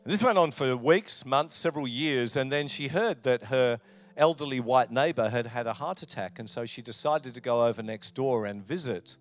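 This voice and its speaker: Lively man preaching a sermon. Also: medium pitch, normal speed, soft background music. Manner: lively preaching, swings between loud emphasis and quiet asides. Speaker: pastor. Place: church.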